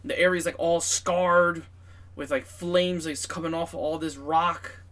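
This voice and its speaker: Brief: man, game master, casual profane narration of a tabletop game, slightly high voice. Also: fairly even intonation, unhurried, fairly bright tone. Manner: casual, filler-heavy, profane.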